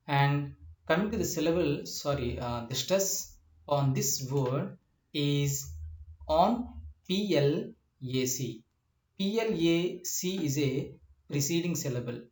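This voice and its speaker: A man teaching a lesson on word stress, slowly spelling out letters with frequent pauses and fillers. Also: fairly high pitch, a little mellow, echoey room. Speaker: English teacher. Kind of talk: slide lecture on word stress.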